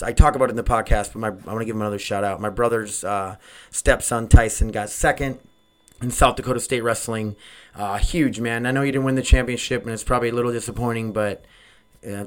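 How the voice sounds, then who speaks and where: A man's voice: mid-range voice, clean tone. A man hosting his own podcast, talking casually and rambling, often losing his train of thought and poking fun at himself, recorded on a home microphone setup. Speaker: podcast host. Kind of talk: casual solo podcast monologue. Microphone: desk microphone.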